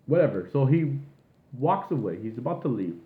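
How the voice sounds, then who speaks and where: In an echoey room, through thin, phone-like audio, a vlogger goes off on a long, profane rant with an exasperated edge. He speaks at normal speed in a mid-range voice and is very animated.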